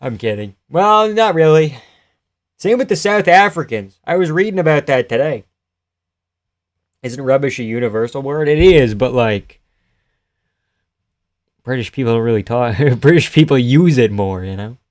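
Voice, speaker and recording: A man hosting a live fight-reaction stream, chatting loosely and profanely with his viewers and often trailing off quietly. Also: mid-range voice, animated, moderate pace, pauses often, no echo, studio quality. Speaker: live-stream host reading chat.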